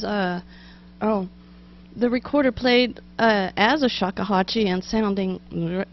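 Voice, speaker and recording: Chatty, giggly woman host, slow and unhurried, slightly high voice; dull lo-fi recording. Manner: chatty, giggly, with asides and restarts. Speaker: webcast show host. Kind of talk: casual reading of jokes and a poem.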